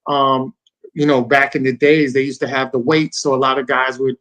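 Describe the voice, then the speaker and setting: A man's voice: medium pitch, flat delivery, normal speed, a bit bright. A man co-hosting a podcast in loose, rambling casual chat, often checking in with "you know what I'm saying". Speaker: podcast co-host.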